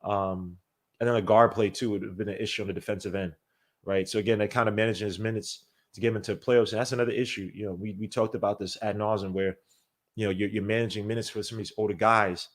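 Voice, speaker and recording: A man hosts a live basketball watch-along, talking in a somewhat low voice. He is animated and casual and breaks off his analysis to shout out viewers by name. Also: fast. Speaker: podcast host.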